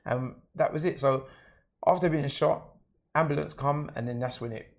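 A man with a fairly high, creaky voice speaks at a moderate pace in a London accent. As an interview guest, he relates his personal experience plainly and matter-of-factly.

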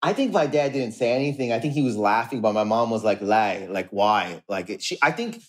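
A man guesting on a podcast, telling rambling, halting stories in casual chat. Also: mid-range voice, lively intonation. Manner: rambling, halting storyteller with many restarts.

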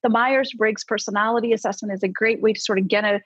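A woman psychologist, a podcast guest, explaining how to handle emotions in a lively, coaching way with casual fillers. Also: mid-range voice, fast, breathy edge, dry recording. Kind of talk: conversational podcast advice. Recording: slightly dull, dry podcast audio.

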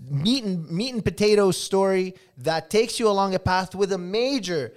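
A man's voice: high-pitched, animated, moderate pace. A man co-hosting a podcast, earnestly defending a film, often restarting his sentences. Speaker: podcast co-host. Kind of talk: casual comedic debate.

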